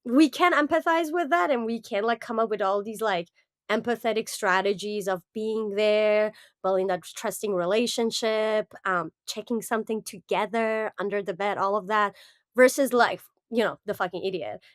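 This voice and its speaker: A woman co-hosting a podcast in casual chat, earnest and animated, with lots of fillers. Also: mid-range voice, normal speed, no room sound, clean studio sound. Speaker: podcast co-host.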